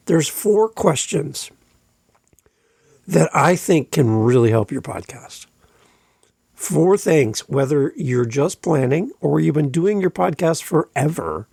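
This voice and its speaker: A man's voice: on the high side, creaky, darkish tone, husky, no room sound, clean studio sound. A man hosting his own podcast, talking casually and earnestly, encouraging listeners and often repeating himself. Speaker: podcast host. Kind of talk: casual solo podcast talk.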